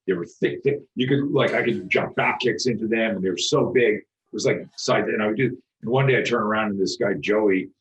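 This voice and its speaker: Man, 60s, podcast guest. Low-ish, animated, profane storyteller. Muffled lo-fi recording. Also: fairly quick, hardly any pauses, slight background noise. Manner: animated, profane, acts out quoted voices. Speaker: podcast guest, self-defense instructor. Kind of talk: storytelling interview talk. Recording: dull lo-fi recording.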